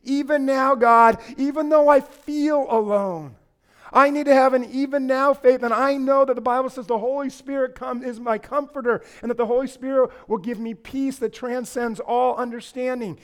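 A man preaching a sermon as pastor, rising to loud impassioned lines and dropping low, with playful asides to the congregation. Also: fairly even intonation, moderate pace, clean tone.

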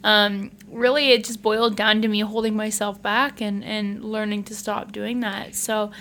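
A woman's voice: medium pitch, little pitch movement, moderate pace, fairly bright tone, a little hiss or hum. A young woman co-hosting a podcast who talks earnestly and reflectively, hesitating with ums. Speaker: podcast co-host. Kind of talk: casual podcast chat.

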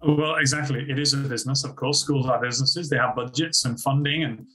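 A man with an Australian accent, a school principal telling lively stories as a podcast guest. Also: mid-range voice, brisk, poor audio. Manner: animated anecdotes with acted-out quotes. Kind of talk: casual interview storytelling.

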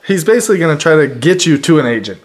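A man with a somewhat high voice, telling his story as a podcast guest. He talks in a relaxed, conversational way and livens it up by acting out the voices of the people in it. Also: rapid-fire. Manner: animated, acts out quoted voices. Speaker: interview guest. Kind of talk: casual storytelling.

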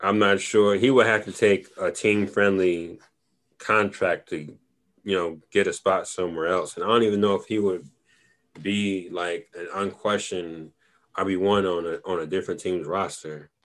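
A man with a low, deep voice talks in relaxed, casual podcast chat. He rambles easily and leans on fillers as he makes his points. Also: normal speed. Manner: laid-back, rambling, lots of "you know". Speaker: podcast co-host. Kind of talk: casual fantasy football chat.

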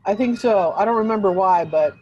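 Rambling woman with a dark voice. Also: mid-range voice, a little fast, highs cut off, a little hiss or hum. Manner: rambling, filler-heavy, animated retelling. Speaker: host of a group video call. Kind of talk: casual storytelling chat.

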